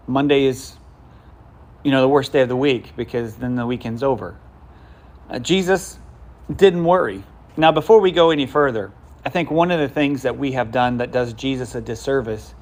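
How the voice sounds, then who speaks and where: Guy giving a sermon, kinda high voice, chatty, lots of asides and restarts. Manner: conversational, with many restarts and asides. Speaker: pastor.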